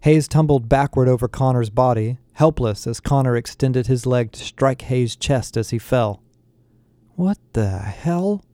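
A man narrating a first-person novel aloud in a steady reading voice. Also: medium pitch, moderate pace, hardly any pauses, dry recording. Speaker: audiobook narrator.

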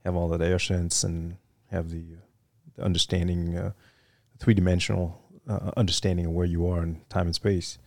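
Deep gravelly man, casual storyteller. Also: normal speed, dry recording, clean studio sound. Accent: Vietnamese. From Vietnam. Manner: relaxed, rambling, heavy fillers like "you know". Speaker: interview guest, retired Marine fighter weapons officer.

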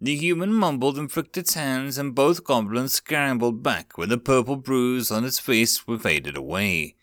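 Brief: male storyteller, animated audiobook read, dry booth sound. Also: mid-range voice, a little slow, dry recording.

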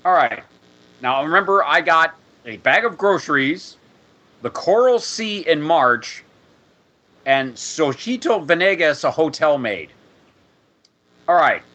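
A man's voice: on the high side, expressive, takes it slowly, pauses often, pushed and bright, rough recording. A man reading out his adventure draft, then patiently explaining background details in casual chat. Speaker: player presenting an adventure draft. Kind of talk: casual chat and story read-aloud.

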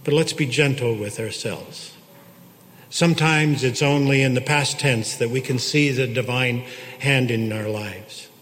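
A man preaching a sermon, slow and reflective, with long pauses between phrases. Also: medium pitch, fairly bright tone. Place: church. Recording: long church reverb.

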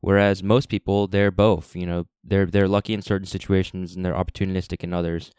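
Low, smooth-voiced man musing on a solo podcast. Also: flat delivery, darkish tone, dry recording, studio quality. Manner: halting, with many restarts and fillers; reflective and earnest. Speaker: podcast host. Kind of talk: unscripted solo podcast monologue.

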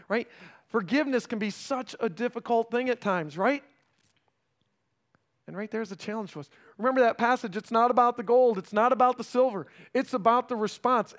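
A pastor preaching a sermon in a conversational way, often checking in with the congregation and dropping to a hushed, slow delivery for emphasis. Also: male voice, very high voice. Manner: swings between raised emphasis and hushed, slowed delivery.

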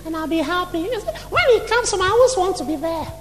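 A man's voice: very high-pitched, expressive, fast talker, pitched above the performer's own voice. A man doing a chatty house-proud wife. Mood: gushing. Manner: rambling, fussy and giggly. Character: doting married woman, chatty and house-proud. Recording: long hall reverb, faint room noise.

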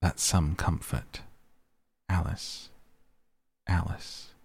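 A curious, chatty young girl who rambles on, musing aloud to herself as she puzzles things out, read by a man. The voice stays deep and gravelly, with a husky edge. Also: extremely slow, heavily acted. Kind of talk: storybook character reading.

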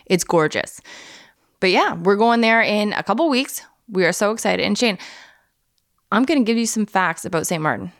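A woman's voice: medium pitch, expressive, moderate pace, dry recording, clean studio sound. A woman co-hosting a casual chat, talking eagerly and sharing facts with enthusiasm.

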